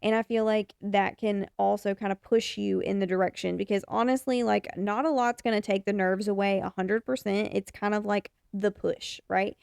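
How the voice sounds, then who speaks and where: A woman's voice: medium pitch, fairly even intonation, normal speed, vocal fry, few pauses, darkish tone, clear, resonant tone, no echo, studio quality. A young adult woman hosting a podcast, giving frank, encouraging advice in a casual way and swearing now and then. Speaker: podcast host and photographer.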